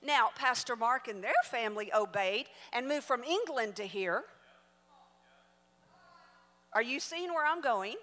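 Animated woman preacher in a reverberant hall. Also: on the high side, unhurried, long pauses. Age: 40s. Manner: animated, swinging from soft asides to loud exclamations. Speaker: guest preacher. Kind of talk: sermon with storytelling. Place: church auditorium.

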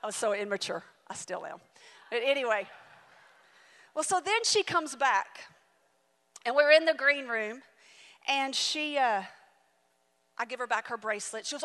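A woman in her forties preaching a sermon and telling a story, swinging dramatically between loud and hushed delivery. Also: a little high, expressive, measured pace, long pauses. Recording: reverberant hall.

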